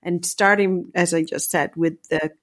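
A woman's voice: on the low side, steady tone, measured pace. A woman leadership coach, a guest on an interview, explaining ideas thoughtfully with hesitations and self-corrections. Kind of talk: conversational interview.

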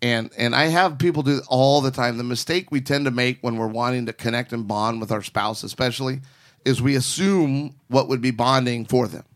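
A man's voice: mid-range voice, fairly even intonation, moderate pace. A man hosting a podcast, giving relationship advice in a teasing, preachy way. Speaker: podcast host.

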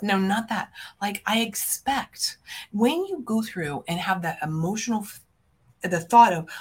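With a fairly high, husky voice, big pitch swings and a measured pace, this female podcast host and business coach speaks straight to her audience as friends. Her motivational delivery is fervent and emphatic, full of punchy statements that rise and fall sharply in volume.

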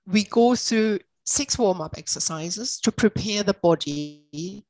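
A woman's voice: mid-range voice, animated, slow, darkish tone. A woman practitioner explaining her method as an interview guest, reassuring and passionate.

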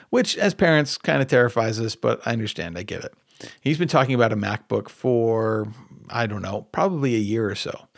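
A man's voice: on the low side, vocal fry, no room sound, clean studio sound. A man hosting a podcast, telling a long personal story in a casual, rambling way and often correcting himself as he goes. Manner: conversational, rambling with self-corrections. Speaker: podcast host. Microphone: podcast microphone at computer.

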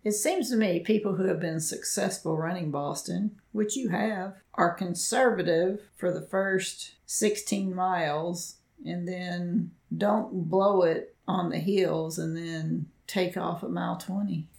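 A woman's voice: lowish voice, fairly even intonation, a little slow, creaky, few pauses, a little mellow, roomy sound. A woman co-hosting a running podcast, chatting and teasing, often laughing. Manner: giggly, teasing. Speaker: podcast co-host. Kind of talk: casual chat.

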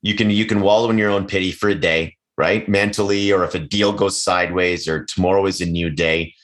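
A man with a notably deep, low-pitched voice, talking openly and casually on a podcast. He swears freely and drops into quoted voices when he tells a story. He sounds middle-aged. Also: fairly even intonation, fairly quick, fairly bright tone. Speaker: podcast guest, real estate agent. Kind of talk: casual conversational interview.

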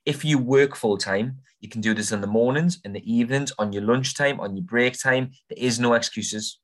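A man's voice: medium pitch, normal speed. A young man, giving blunt, informal property advice as a podcast host in a casual monologue. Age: young adult.

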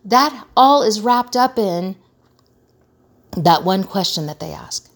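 A woman's voice: medium pitch, expressive, slow. Earnest conversational middle-aged woman. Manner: earnest, conversational, acts out quoted remarks. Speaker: host. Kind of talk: casual advice talk.

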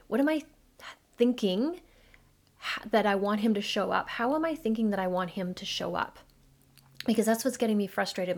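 A middle-aged woman hosting a podcast, telling a personal story in an earnest, animated way and acting out dialogue. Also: mid-range voice. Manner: addresses listeners as mamas. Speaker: podcast host, midlife coach. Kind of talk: casual monologue podcast.

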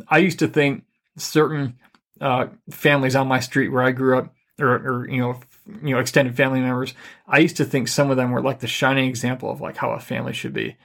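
A middle-aged man co-hosting a podcast, giving relationship advice in a calm, even, deliberately unhurried way. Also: mid-range voice, creaky. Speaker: podcast co-host. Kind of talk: casual advice chat.

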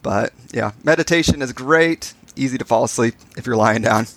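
A man's voice: medium pitch, normal speed, dry recording. A man co-hosts a podcast and tells stories with animation, playing out the back-and-forth as he goes. His voice sits in a middle range, and the recording is dry and close to the mic. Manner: animated storyteller, acts out dialogue. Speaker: podcast co-host. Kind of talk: casual storytelling chat.

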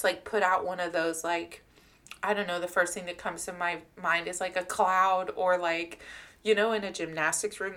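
A woman with a medium-pitched, fairly bright voice co-hosts a podcast. Her personal story comes out casual and heartfelt, full of fillers and with some swearing.

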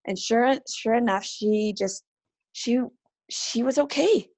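A woman in her thirties, a podcast guest, telling personal stories in an earnest, animated way and acting out quoted voices. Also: a little high, takes it slowly, no echo. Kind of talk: casual interview talk.

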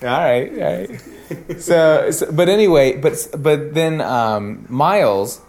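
A man's voice: a little high, animated, takes it slowly, a little mellow. A man hosting a casual fan chat, rambling as he recounts scenes. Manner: rambling, stumbling restarts. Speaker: podcast host.

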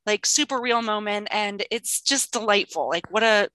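A woman who teaches young children online, telling classroom stories in casual chat over a video call and acting out the voices in a lively way. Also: mid-range voice, normal speed, dry recording, low-quality recording. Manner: animated storyteller who acts out voices.

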